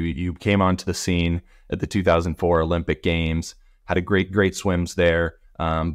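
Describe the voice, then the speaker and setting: A man's voice: low-pitched, no room sound, clean studio sound. A man hosting a sports podcast, reading an upbeat intro and then asking interview questions. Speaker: podcast host.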